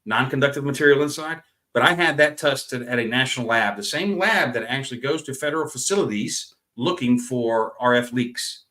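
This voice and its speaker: A middle-aged man from Florida hosting a live Q&A, reading out viewer comments in a relaxed, profane, laugh-filled way. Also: medium pitch, brisk, hardly any pauses. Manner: relaxed, swears freely, laughs often. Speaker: host of a live Q&A stream.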